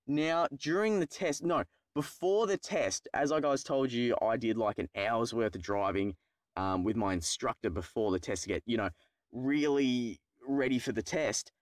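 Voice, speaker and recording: In a dry recording, a young Australian man tells a rambling, foul-mouthed, self-deprecating story about his driving test for his YouTube vlog, speaking at a moderate pace and medium pitch.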